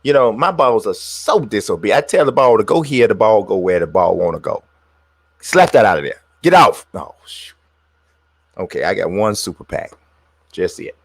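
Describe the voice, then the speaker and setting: A man's voice: fairly low pitch, moderate pace, vocal fry, husky, no echo. A man streaming gameplay, muttering and trash-talking his players as he plays. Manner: trash-talks the game, mutters to himself. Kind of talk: live gameplay commentary.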